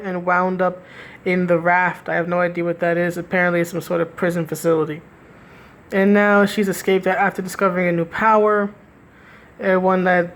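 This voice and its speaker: A woman giving a casual, critical spoken review, rambling with restarts and frequent "right?" asides, with a sardonic edge. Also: lowish voice. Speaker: comic book reviewer.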